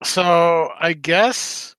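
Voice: mid-range voice, drawn-out words, fairly bright tone, smooth, no room sound, rough recording. A tabletop player talking casually and playfully, laughing often. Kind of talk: casual tabletop game chat.

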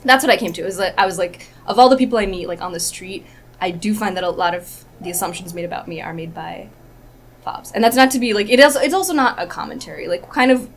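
A woman speaking as a podcast guest in casual chat, rambling and full of "like". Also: mid-range voice. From United States. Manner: fast, rambling, frequent "like".

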